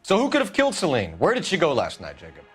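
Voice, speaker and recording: A man's voice: a little high, huge pitch swings, quick pace, soft background music. An actor playing a pressing male police interrogator questioning a suspect in a game. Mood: probing. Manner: pressing, probing.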